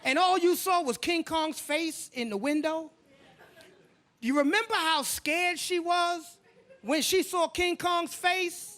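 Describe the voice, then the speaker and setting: A man's voice: very high-pitched, takes it slowly, sharp tone. A man performing a stand-up comedy set, telling stories and acting out the people in them. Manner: storytelling, acts out characters, playful.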